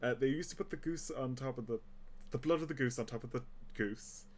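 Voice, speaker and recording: An Irish man streaming a game, talking in a rambling, halting way with many fillers and restarts. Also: mid-range voice. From Ireland. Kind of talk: casual chat while gaming. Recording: loud background noise.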